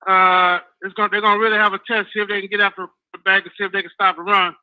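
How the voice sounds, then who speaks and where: Halting man calling in while driving. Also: sits high, smooth, phone-quality sound. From Louisiana. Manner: halting, many uhs, talks in an even tone. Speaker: caller.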